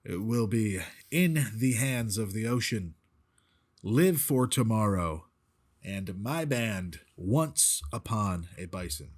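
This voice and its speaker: A man guesting on a casual podcast chat, relaxed and jokey. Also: lowish voice, slow pace.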